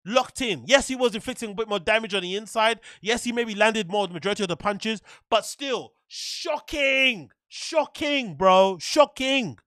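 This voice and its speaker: A man's voice: high voice, a little fast, few pauses, a bit bright, no room sound, clean studio sound. A man hosting a show, ranting in profane, exasperated bursts and repeating himself. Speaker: show host. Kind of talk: ranting commentary.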